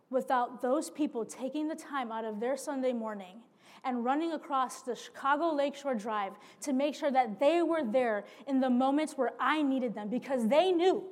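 A woman preaching a sermon, weaving a lively personal story and calling out to her listeners as friends. Her voice sits high and bright in pitch. The sound carries a long reverb from a large hall. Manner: animated storytelling, addresses listeners as y'all and friends.

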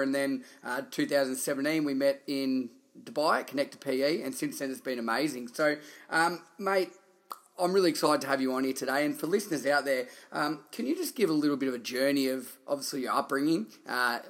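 An Australian man hosting a podcast interview, enthusiastic and full of praise for his guest. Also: medium pitch. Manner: enthusiastic, warm hype-up intro. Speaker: podcast host.

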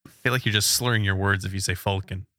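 A man trading wry, teasing remarks with his co-host on a podcast. His voice is bright and forward, at a middle pitch. The recording is dry. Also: steady tone, quick pace, no room sound. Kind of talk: casual podcast chat.

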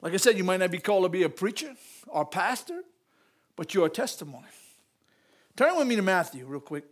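A man preaching a sermon to his church, calling out to the congregation, laughing and shouting with exuberance. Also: high voice, very animated, brisk. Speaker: pastor.

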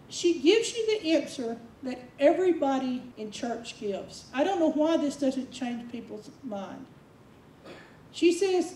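A woman's voice: sits high, lively intonation, a little slow, warm tone, slight background noise. A woman preacher delivering a sermon in a conversational, emphatic way, sometimes acting out quotes. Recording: roomy echo, distant mic.

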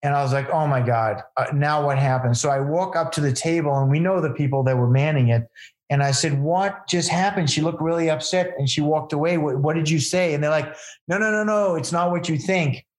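Male storyteller, slightly high voice, earnest, rambling interview style. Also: brisk. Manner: earnest, rambling, many fillers and restarts. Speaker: event founder telling stories to a host.

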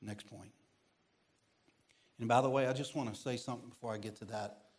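A middle-aged man preaching as a guest pastor in a church, telling funny personal stories with big swings in pitch and loudness. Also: fairly even intonation, fairly quick.

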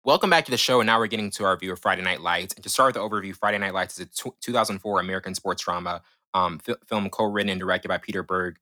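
A young man co-hosts a casual film-review podcast, talking fast and eagerly with lots of fillers and restarts. His low-pitched voice is bright and forceful, and the close, dry sound leaves no room around him.

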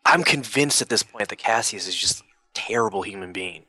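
A man in a relaxed game discussion, talking with a bright, forceful edge. He gets animated and acts out what characters say. The sound is dry and close, with little room around it. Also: on the low side, a little fast, breathy edge, no room sound, poor audio. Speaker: podcast co-host. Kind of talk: casual chat about a video game.

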